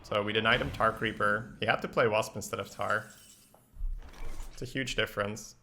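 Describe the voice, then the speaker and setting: A male streamer with a bright, forward voice and a gravelly edge, thinking aloud about each move in loose, chatty commentary. He laughs easily between plays. A faint hum of background noise sits under his voice. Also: fairly low pitch, fairly even intonation, moderate pace. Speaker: game streamer. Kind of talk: casual gameplay commentary.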